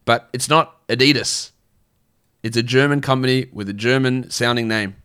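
A man's voice: mid-range voice, fairly quick, a bit bright, smooth. A man with an Australian accent hosting a casual fantasy basketball livestream, chatting bluntly and answering viewer questions, with frequent restarts and fillers.

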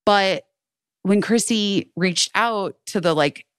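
A woman with a smooth mid-range voice takes things slowly, recorded in clean studio sound with no room noise. During casual podcast chat she tells a story as co-host, performing her friends' lines, cursing freely, and using "like" constantly.

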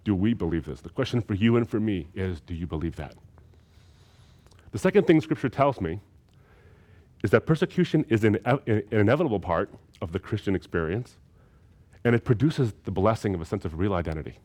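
A man's voice: on the low side, expressive, fairly quick, darkish tone. A man lecturing in a recorded seminary course, emphatic and fond of repeating key phrases.

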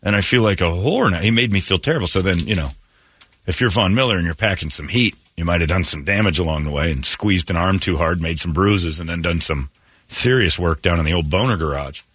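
A man's voice: sits low, brisk, fairly bright tone, slightly rough, dry recording. A man hosting morning radio, telling brash stories and mocking people in casual banter. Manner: brash storytelling with mocking voices. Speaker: radio host.

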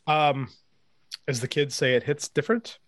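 A man's voice: a little high, fairly even intonation, moderate pace, dry recording. A man co-hosting a casual podcast, making blunt, wry, opinionated asides. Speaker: podcast co-host. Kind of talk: casual chat.

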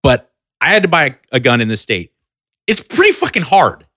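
A man on a casual podcast giving earnest opinions, with a bright voice that moves around a lot. He swears casually, and his voice sounds dry and close with no room echo. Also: mid-range voice, wildly swooping pitch, fairly quick.

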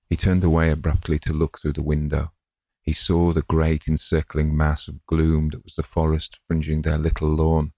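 Deep, gravelly male narrator. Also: monotone, moderate pace, a little mellow, dry recording, clean studio sound. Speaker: audiobook narrator. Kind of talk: scripted narration.

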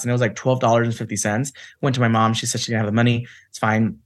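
A man's voice: mid-range voice, little pitch movement, rapid-fire. A man from Santa Ana, California, a guest actor telling stories in a chatty interview, full of "like" and "you know.". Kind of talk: casual storytelling interview.

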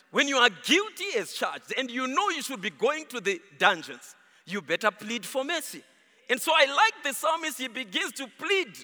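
A man preaching a sermon in a church, rising and falling, at times half-singing his emphasis. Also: very high-pitched. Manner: animated, rises and falls, half-sung emphasis. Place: church hall. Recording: long reverb of a large hall.

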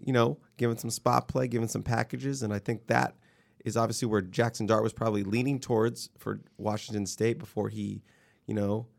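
A man co-hosting a sports podcast with a worn-out, hoarse voice and a flat, low-energy delivery. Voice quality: gravelly. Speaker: podcast co-host. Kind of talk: casual sports chat.

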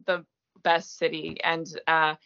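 A woman's voice: sits low, completely flat delivery, slow pace, gravelly, fairly bright tone, clean tone, highs cut off. A woman in her thirties whose first language is French, with a light French Canadian accent. She is an actress guest, chatting casually and self-deprecatingly with lots of fillers. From Gaspé, eastern Quebec, Canada. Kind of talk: casual interview chat.

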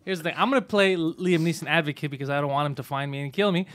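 A man's voice: fairly high pitch, rapid-fire, fairly bright tone. A man hosting a comedy podcast, bantering in a joking, profane way and laughing often. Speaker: podcast host.

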